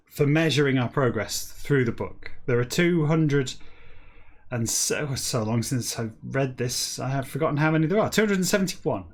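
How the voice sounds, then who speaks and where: A man with a mid-pitched voice reads a text backwards in a flat, deadpan delivery. He stops now and then for dry, self-mocking comic asides. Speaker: host reading a novel backwards.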